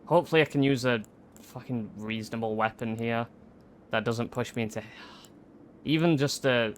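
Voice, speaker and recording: A man's voice: mid-range voice, normal speed, a little hiss or hum. A young man commentating on his own gameplay as a streamer, swearing and repeating himself in frustration. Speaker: gaming streamer.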